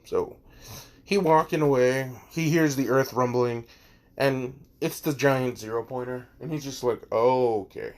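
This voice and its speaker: A man's voice: medium pitch, unhurried. A man casually retelling a fan story, rambling and swearing, with many fillers and asides.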